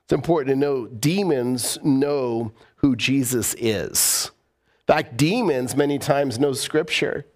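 A man's voice: medium pitch, unhurried, a little mellow. A man preaching a sermon as pastor, emphatic and repeating key phrases for weight.

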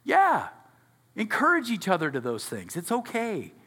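A man's voice: high voice, huge pitch swings, measured pace, fairly bright tone, husky, in a large hall. A male pastor preaching a sermon to his congregation in a conversational way, often asking them questions. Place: church sanctuary before a congregation.

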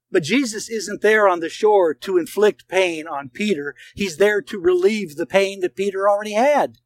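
Male pastor with a high voice, earnest sermon storyteller who leans on dramatic pauses. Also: rough recording.

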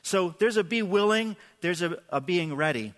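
Bright, earnest male pastor in a hall. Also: high-pitched, lively intonation, moderate pace. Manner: conversational, earnest, many repeated words and "right?". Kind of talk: sermon.

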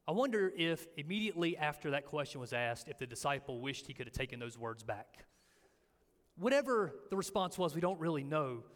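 Male pastor, high voice, lively storyteller, long reverb from a big echoey hall. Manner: animated storytelling, acting out quotes. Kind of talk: sermon.

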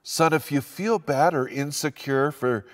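An older male pastor voicing a gentle, loving father who speaks in a soft murmur. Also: a little high, a little slow, lightly acted. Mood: tender. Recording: long hall reverb.

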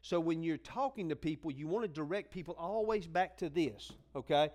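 A pastor with a high, animated, slightly mellow voice preaches a sermon to his congregation in a folksy, conversational style at a normal speed. He acts out the voices of people in his stories as dialogue and builds into fervent, rousing exhortation.

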